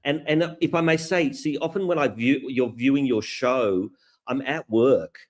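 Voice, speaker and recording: A man's voice: mid-range voice, measured pace, darkish tone. Man, Australian accent, middle-aged, guest on a call-in chat, earnest, repeats himself for emphasis. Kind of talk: casual chat.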